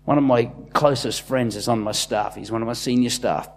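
A man preaching a sermon as a pastor, swinging between loud, impassioned bursts and quiet, intimate asides. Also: medium pitch, fairly even intonation, moderate pace.

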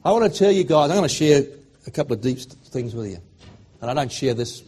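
A middle-aged Australian man preaching a sermon, swinging from loud fervent declarations to hushed, emotional storytelling. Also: medium pitch, animated, fast talker, slight background noise.

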